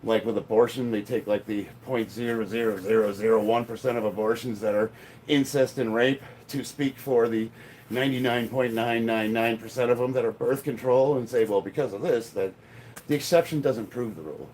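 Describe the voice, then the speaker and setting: A man's voice: mid-range voice, darkish tone, slight background noise. Blunt middle-aged man rambling. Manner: rambling, thinks aloud, blunt with casual swearing. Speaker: strength athlete livestreaming his workout. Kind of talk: casual livestream chat. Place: home gym. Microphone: camera set up across the room.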